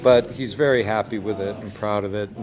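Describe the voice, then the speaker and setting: A man's voice: lowish voice, a little fast, music in the background. A man, an executive producer and director, chatting through anecdotes in a press interview at a busy convention. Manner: chatty, anecdotal, quotes others with lively voices. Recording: crowd noise behind. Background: loud crowd chatter.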